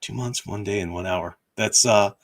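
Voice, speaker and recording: A man with a fairly low, hoarse voice chats loosely to his livestream viewers from home. He talks in a rambling way, stopping and restarting his sentences with plenty of fillers. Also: moderate pace. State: hoarse, voice worn out. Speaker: livestream host. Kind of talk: casual livestream chat. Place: at home, room with bookshelves.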